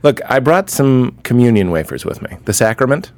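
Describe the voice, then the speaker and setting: A man's voice: mid-range voice, very animated, darkish tone, voice pushed down. A man putting on a preachy stand-in dad. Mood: pious. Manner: slow, pious and pushy.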